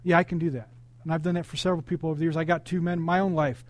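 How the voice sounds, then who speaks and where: A male pastor delivering an animated sermon, calling out questions to the congregation and telling personal stories. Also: a little high, rapid-fire. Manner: animated, interactive preaching with congregation call-outs.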